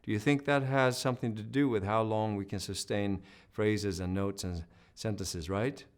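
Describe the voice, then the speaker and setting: A man's voice: on the low side, steady tone, moderate pace, smooth. A man teaching a singing lesson, coaching and demonstrating vocal sounds and sung notes, with encouraging talk.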